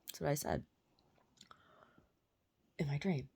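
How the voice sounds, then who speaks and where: A woman's voice: sits low, big pitch swings, measured pace, vocal fry, pauses often, warm tone, breathy edge. A woman telling about a strange dream in a casual vlog, rambling with many fillers and restarts. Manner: baby talk to her pet dog. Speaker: vlogger.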